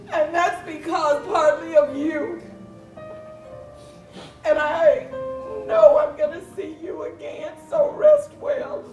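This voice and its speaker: A woman with a Louisiana accent gives a tearful, laughing eulogy at a funeral home chapel. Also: sits high. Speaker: family member giving a eulogy. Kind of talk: heartfelt funeral tribute. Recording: echoey livestream from far off.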